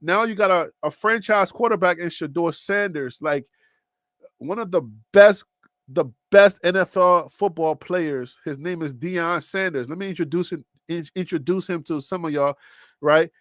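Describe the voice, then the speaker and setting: A man's voice: a little high, normal speed, a bit bright, no echo, clean studio sound. A man hosting a sports talk show, speaking casually and repeating himself as he builds his point.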